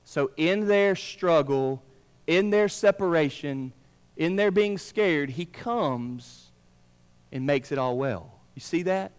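A male pastor preaching a sermon, swinging between emphatic lines and hushed, drawn-out words. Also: on the high side, lively intonation, smooth. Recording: long reverb of a large room.

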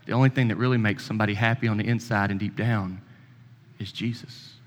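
Folksy pastor in a reverberant hall. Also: male voice, on the low side, fairly even intonation, very fast. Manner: folksy storyteller, acts out both sides of conversations. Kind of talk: sermon with storytelling. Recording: long reverb in a church hall.

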